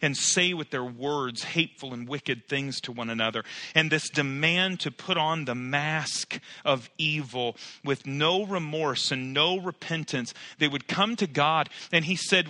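A male pastor preaching a sermon in church, building to loud emphatic peaks and dropping to quiet, personal asides. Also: a little high, normal speed, no echo, clean studio sound. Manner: preaching with swelling, emphatic rises and soft drops.

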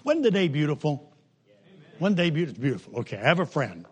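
An older man preaching a humorous sermon in a folksy, joking way, with sudden jumps in pitch and pace. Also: big pitch swings, quick pace, darkish tone, breathy edge.

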